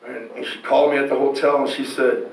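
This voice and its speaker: A man telling a candid, profane personal story in an animated way, getting loud and shouting at dramatic moments. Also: medium pitch, fast, creaky. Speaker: storyteller guest. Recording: roomy echo, distant mic, faint noise.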